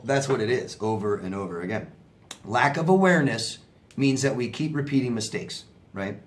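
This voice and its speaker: A man answering viewer questions as a relationship coach, in a conversational, sympathetic way, often asking "right?". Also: mid-range voice. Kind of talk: casual advice talk.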